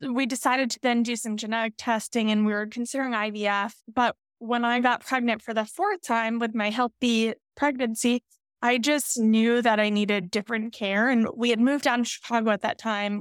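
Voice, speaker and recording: Brief: woman in her thirties, podcast guest, smooth clear voice, dry close sound, earnest and emotional storytelling. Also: on the high side, no room sound. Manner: candid, emotional, animated quoting of others. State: pregnant.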